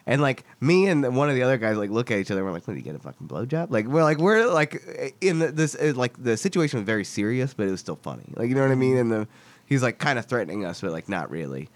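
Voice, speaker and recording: A young man from Texas telling a story in casual chat, animated and swearing as he acts out the voices of the people in it. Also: medium pitch, quick pace, no echo.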